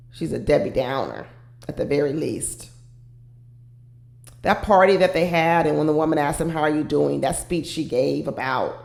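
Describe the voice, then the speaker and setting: A woman's voice: low-pitched, gravelly, a little mellow, reverberant. A woman commenting casually and with firm opinions on a reality show, talking straight to her viewers.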